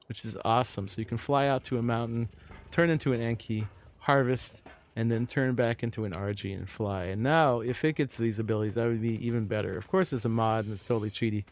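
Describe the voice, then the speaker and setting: A man streaming a video game, chatting casually and rambling with frequent chuckles as he plays. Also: mid-range voice. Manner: relaxed, rambling, chuckles often. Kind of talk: casual live-stream commentary.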